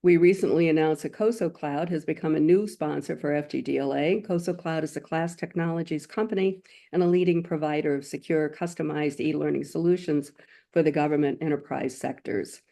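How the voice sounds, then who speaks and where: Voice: medium pitch, steady tone, a little fast, creaky. A webinar host reading scripted announcements and speaker introductions in a formal, polished way. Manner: reads from a script, warm and formal.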